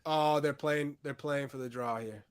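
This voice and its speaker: A man giving blunt, excitable analysis while watching a match live with others. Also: a little high, normal speed, smooth. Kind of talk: casual watch-along chat.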